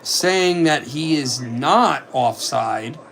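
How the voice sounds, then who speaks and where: Gravelly man calling hockey play-by-play. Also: medium pitch, animated, a bit bright. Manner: rapid running commentary with asides on other scores. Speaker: fan play-by-play commentator. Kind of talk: amateur hockey play-by-play simulcast.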